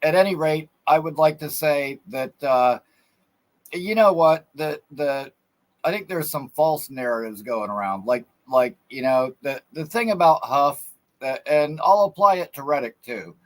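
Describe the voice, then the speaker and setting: A man calling in to a sports show, earnest and halting, with frequent restarts. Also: fairly high pitch. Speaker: caller. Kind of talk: phone-in call.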